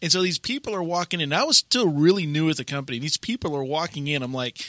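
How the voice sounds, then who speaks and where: A middle-aged man hosting a podcast, telling a story in a casual, animated way and acting out the quotes. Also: on the high side, fast, no room sound. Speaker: podcast host.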